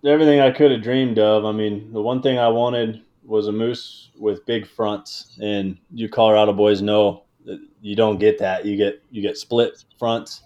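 A young man telling a hunting story in casual talk, animated and laughing as he goes. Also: fairly low pitch, normal speed, hardly any pauses, dull audio. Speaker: guest, game call maker.

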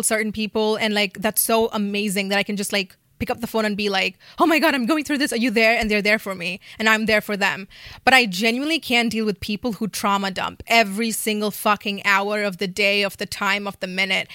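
A tired young woman hosting a podcast from her bed, chatting in a loose, rambling way full of "like" and swearing. Her voice is bright and sharp. The recording is dry and close. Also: medium pitch, dry recording. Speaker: podcast host. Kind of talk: casual chat.

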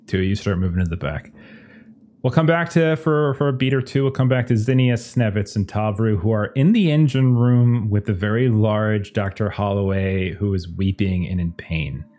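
A man narrating as game master of a tabletop horror game, describing scenes and calling for rolls in a relaxed way. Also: lowish voice, moderate pace.

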